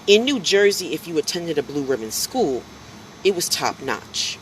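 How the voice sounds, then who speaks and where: A woman talking casually to her followers on a live stream, telling animated stories full of fillers, a little drowsy from allergies. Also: low-pitched, normal speed, slight background noise, poor audio. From United States. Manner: chatty, animated storytelling, many fillers.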